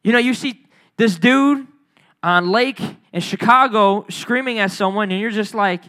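A high-pitched man delivering a storytelling sermon, casual and full of slang. He swings between quiet asides and loud, excited retellings, voicing the people in his tales as he goes. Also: measured pace. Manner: animated, slangy, acts out the people in his stories. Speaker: preacher. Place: church hall.

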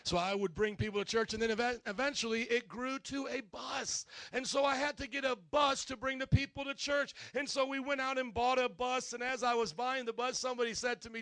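A middle-aged man preaching a sermon, telling a story with animated delivery, acting out the people in it and calling on the congregation to respond. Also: very high-pitched, fairly quick, few pauses, no room sound. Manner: animated, acts out characters, calls to congregation. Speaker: pastor.

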